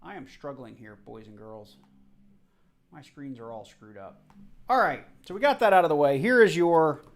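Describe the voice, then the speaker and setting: Casting: male live-stream host, slightly higher voice, chatty and flustered. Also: sing-song, normal speed. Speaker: livestream host. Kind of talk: casual live stream chat.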